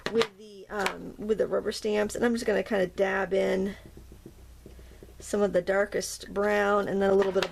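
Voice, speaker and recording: A woman's voice: mid-range voice, gravelly, slight background noise. A woman hosting a craft tutorial, chatting casually through each step and gushing over how cute the results are.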